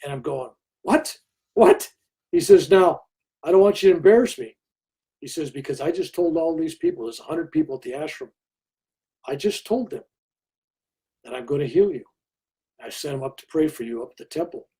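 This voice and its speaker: A man's voice: on the high side, brisk, pauses often, husky. An older man telling a story as an interview guest, acting out what other people said. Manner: animated storyteller who acts out other people's lines. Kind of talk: storytelling in conversation.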